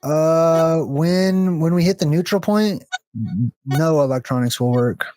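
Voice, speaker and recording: A man's voice: a little high, unhurried, a little mellow, soft background music. A man chatting casually during a gameplay session over a voice call, thinking aloud as he explains ideas. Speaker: co-host of a gaming video.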